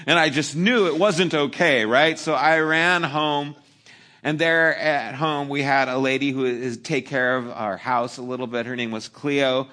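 A male pastor delivering a sermon, telling a childhood story in an animated, humorous way with asides to the congregation. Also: on the high side, normal speed.

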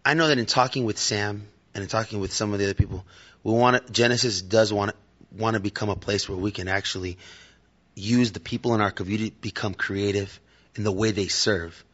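A man's voice: fairly low pitch, fairly even intonation, a little fast, a bit bright, lo-fi sound. A man giving a casual, conversational sermon to his church and joking with the audience. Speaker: lay preacher. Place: church hall.

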